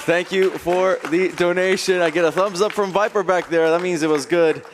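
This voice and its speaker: A man reads donations at a charity gaming event in a playful, jokey way, laughing between messages. His voice is notably high for a man. He keeps things light and teasing. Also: steady tone, moderate pace, crowd noise, noisy background. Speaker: donation reader at a charity marathon.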